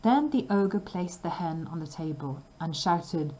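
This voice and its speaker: A woman reading a fairy tale aloud slowly and carefully for language learners. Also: fairly low pitch, expressive, dark tone, poor audio. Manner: slow, careful and clearly paced. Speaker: storybook reader.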